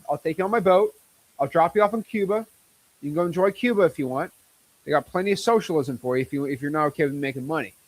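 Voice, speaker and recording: A man in his twenties hosting a casual livestream, talking in a hyped, boastful and excitable way. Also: sits high, no echo. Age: 20s. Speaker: host.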